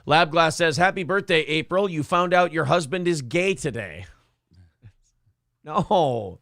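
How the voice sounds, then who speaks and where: Male host, gravelly, crude and self-mocking, dry close sound. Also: fairly high pitch, moderate pace, sharp tone, no room sound. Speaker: morning show host reading live chat. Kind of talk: casual profane chat.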